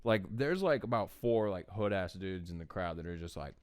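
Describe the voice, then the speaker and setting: Lively young man, dry close sound. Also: low voice, normal speed, smooth, dry recording. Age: young adult. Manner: animated, swears a lot, acts out shouting people. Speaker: co-host. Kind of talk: casual chat.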